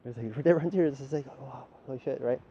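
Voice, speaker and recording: A man lectures straight at the listener in a rambling, profane monologue, his mid-range voice quick and dark in tone. There's slight background noise, and the recording is dull and lo-fi with faint ambience.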